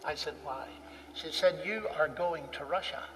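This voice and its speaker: High-voiced man telling a story in a hall. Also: moderate pace, over music. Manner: animated, acts out dialogue. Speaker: speaker recounting a personal story. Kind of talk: anecdotal storytelling talk. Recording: distant mic in a reverberant hall.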